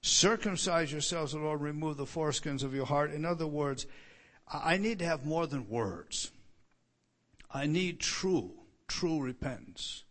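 A man's voice: fairly high pitch, normal speed, fairly bright tone. A man preaching an expository sermon, emphatic and repetitive, who often restarts his sentences and rises on key words. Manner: stammering restarts. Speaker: pastor.

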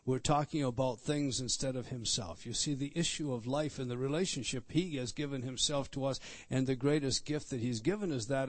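A man, a pastor preaching a sermon as he walks through a text, repeating words and stressing key points. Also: mid-range voice. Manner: repetitive, emphatic teaching, pointing out words on a text. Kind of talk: expository sermon.

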